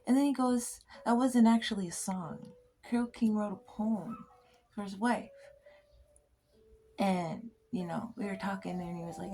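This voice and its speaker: A woman's voice: mid-range voice, moderate pace, mellow. A woman host telling stories in a casual chat. She giggles often, swears freely and drops into whispers now and then. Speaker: poet and podcast host.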